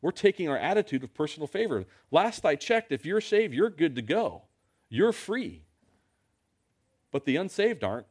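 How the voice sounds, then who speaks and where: A man's voice: fairly high pitch, big pitch swings, normal speed, breathy edge. A man preaching a sermon in a church, talking to his congregation in a conversational way with lots of rhetorical questions.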